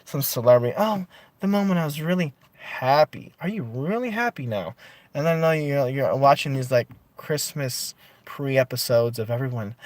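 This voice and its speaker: Guy ranting to camera in his vlog, mid pitch, says like a lot, swears a bunch. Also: moderate pace, no echo. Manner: chatty, animated, swearing, frequent "like". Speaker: vlogger. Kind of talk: casual rant to camera.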